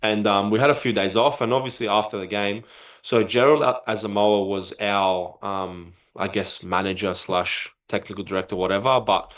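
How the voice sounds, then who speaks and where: A man with a fairly low voice tells a story in casual podcast conversation. He gets animated and acts out what people said. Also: moderate pace. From not from Europe. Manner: animated, acts out quoted dialogue. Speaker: podcast guest, former footballer.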